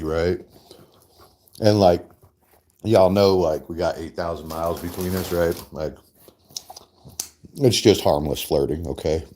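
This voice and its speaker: A man's voice: low voice, mellow, slight background noise. A man hosting a casual livestream, rambling, swearing freely and laughing often. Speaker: livestream host. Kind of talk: casual livestream chat while eating.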